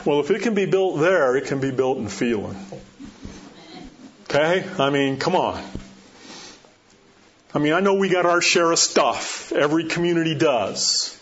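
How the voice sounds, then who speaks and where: A man's voice: on the high side, expressive, unhurried, long pauses, fairly bright tone. Man preaching a conversational sermon. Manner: conversational preaching with rhetorical questions. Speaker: pastor. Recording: dull lo-fi sound with faint noise.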